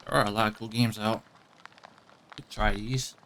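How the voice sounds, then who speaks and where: A man's voice: on the low side, steady tone, moderate pace, fairly bright tone, a little hiss or hum. A man streaming a video game, rambling casually to himself and swearing now and then. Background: game music.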